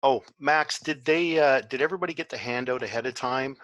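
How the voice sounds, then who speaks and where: A man presenting a webinar in a relaxed way, with many fillers. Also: medium pitch, brisk, no room sound. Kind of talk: online presentation.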